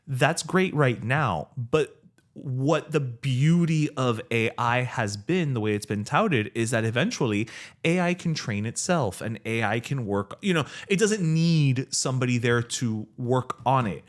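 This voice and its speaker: A man co-hosting a podcast, holding forth in animated rants. His voice sits at an ordinary middle pitch. He slips into mocking impressions of people he quotes, then returns to casual chat. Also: a little slow. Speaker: podcast co-host.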